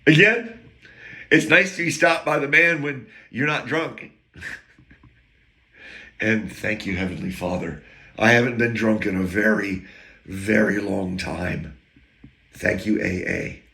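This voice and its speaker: A man's voice: on the low side, slow, vocal fry, long pauses, bright, forceful tone. A man telling rambling stories in a casual monologue, laughing between lines and drifting into asides and talk to himself. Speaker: podcast host telling stories.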